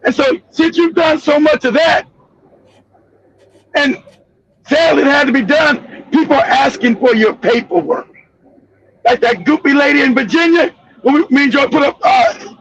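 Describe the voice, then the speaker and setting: A male live stream host giving heated, profane political commentary, ranting and often shouting. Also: very high-pitched, vocal fry, lo-fi sound, slight background noise.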